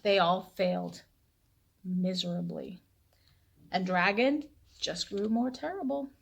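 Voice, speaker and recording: A woman librarian reading a picture book aloud to children in a playful, animated storytelling voice. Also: mid-range voice, slow, vocal fry, breathy edge.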